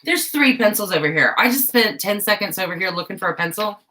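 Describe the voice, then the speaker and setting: A woman's voice: mid-range voice, animated, fast, bright, forceful tone, a little hiss or hum. A young woman chatting casually through a live craft stream, scatterbrained and self-deprecating, laughing often at herself. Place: home craft room.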